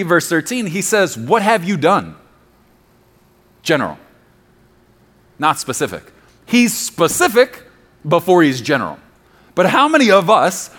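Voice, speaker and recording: A middle-aged man preaching a conversational sermon as pastor, dropping to a soft murmur for quoted prayers and apologies. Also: high voice.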